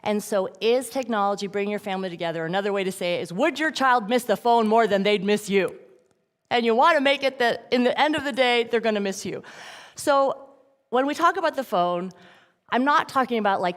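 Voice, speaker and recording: A middle-aged woman gives an animated talk to parents at a church event and acts out the voices in her quotes. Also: a little high, normal speed. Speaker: guest speaker at a church event. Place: large church hall. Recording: long reverb from a church hall.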